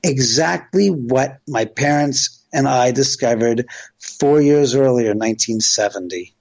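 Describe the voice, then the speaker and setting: A man's voice: mid-range voice, unhurried, gravelly, a little mellow, low-quality recording. A middle-aged man from Southern California, a radio interview guest, telling long rambling stories and acting out quoted dialogue. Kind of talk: casual storytelling on a radio interview.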